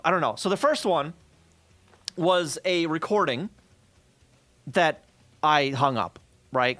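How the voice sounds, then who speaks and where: This guy is streaming and recounting a tale casually, swearing freely and animatedly doing impressions of the people he mentions. His voice sits on the high side.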